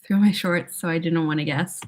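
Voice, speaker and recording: A woman's voice: on the low side, steady tone, a little fast. Giggly young woman chatting on a livestream. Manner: chatty, giggly, thinks aloud with many "like"s. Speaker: livestream host. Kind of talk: casual chat answering viewers.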